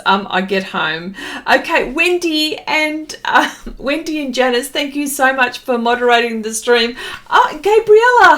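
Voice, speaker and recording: A middle-aged Australian woman with a slightly bright, highish voice hosts an art livestream. She chats casually and gets a bit flustered while greeting viewers by name.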